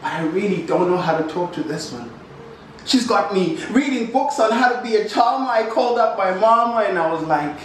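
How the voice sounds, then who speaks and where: A man's voice: high voice, expressive, brisk. A young South African man performing spoken-word poetry in an office, with a rhythmic, impassioned recitation built on repeated refrains. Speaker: poet. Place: office room. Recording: very echoey room, mic far off, faint noise.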